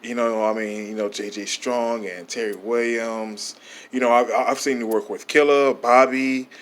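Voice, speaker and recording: Laid-back man hosting, mid pitch. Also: fairly even intonation, a little slow. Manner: laid-back, calls the guest "bro". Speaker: podcast host. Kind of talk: casual chat.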